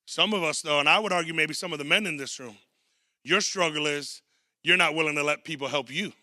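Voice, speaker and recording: Man, guest pastor, sermon, storytelling with acted quotes, very crisp bright tone, dry close sound. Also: fairly high pitch, a little fast, dry recording.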